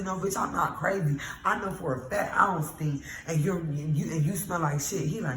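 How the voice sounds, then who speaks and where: A woman telling a storytime vlog in a casual, animated, exasperated way, swearing freely. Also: fairly low pitch, brisk, echoey room, poor audio.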